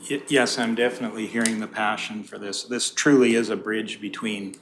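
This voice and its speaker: A man's voice: lowish voice, little pitch movement, a little fast, a little hiss or hum. A man speaking as a county councillor in a council meeting debate, hesitant and stammering.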